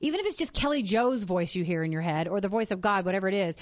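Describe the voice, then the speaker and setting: A woman's voice: mid-range voice, fast, no echo. Woman podcast host, earnest, stumbles over repeated words, a little lo-fi. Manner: warm-hearted, earnest, repeats words when excited. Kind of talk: upbeat interview and appeal to listeners. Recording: slightly dull lo-fi sound.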